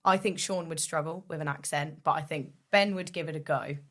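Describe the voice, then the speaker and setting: A woman's voice: low voice, fairly quick, fairly bright tone. A woman guest on a podcast in casual chat, playful and teasing, trying out accents.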